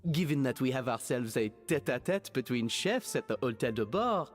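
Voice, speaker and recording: An actor playing a theatrical, genteel hotel manager in a game, speaking in flowery, grandiose phrases. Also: male voice, mid-range voice, lively intonation, normal speed, natural voice. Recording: reverberant game audio with music.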